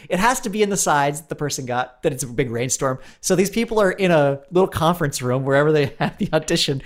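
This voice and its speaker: A man's voice: on the high side, lively intonation, quick pace, hardly any pauses. A man in casual comedic chat, rambling through stories, laughing often and swearing offhand.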